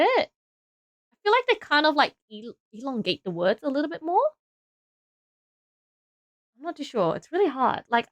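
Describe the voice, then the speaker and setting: A woman's voice: sits high, a bit bright, dry recording. A young woman streaming, chatting casually with viewers while building, rambling and correcting herself as she goes. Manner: rambling, unsure and self-correcting. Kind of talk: casual live-stream chat.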